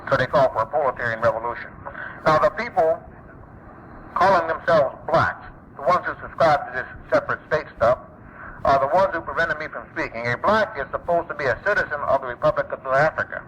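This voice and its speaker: A man's voice: on the high side, brisk, a bit bright. A man giving an emphatic public speech, driving points home by repeating key phrases, heard on an old archival recording. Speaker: public speaker. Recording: dull lo-fi archival tape with faint noise.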